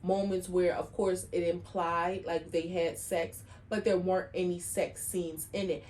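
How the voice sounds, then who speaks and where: A woman cohosting a podcast in casual chat, animated and peppered with "like". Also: fairly low pitch, measured pace, a little hiss or hum. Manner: animated, frequent "like" fillers.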